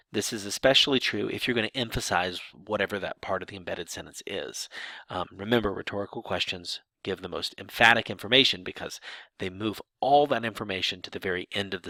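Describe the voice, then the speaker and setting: Lively, bright-voiced male language teacher. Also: on the low side, gravelly, no echo. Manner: lively explanatory delivery with restarts. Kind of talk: explaining grammar to learners.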